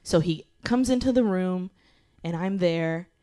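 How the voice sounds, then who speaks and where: Speaking a little slowly in a fairly low voice, a woman guesting at a live show tells a funny personal story, animated and profane, laughing along the way.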